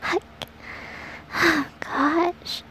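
A woman with her morning voice, talking in a halting, breathy way with soft sighs and laughs in an intimate solo audio recording. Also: very high-pitched, steady tone.

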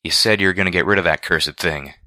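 A man's voice: low voice, quick pace, pushed and bright, no echo, clean studio sound. A man reading a storybook voices a caring but stubborn farm-pony mare who speaks in a folksy country dialect. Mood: stern.

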